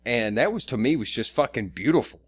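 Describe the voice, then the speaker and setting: A man's voice: medium pitch, lively intonation, brisk, slightly rough, highs cut off. Rambling, cursing man. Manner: rambling, profane, stammers and restarts. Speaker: podcast co-host. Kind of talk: casual chat.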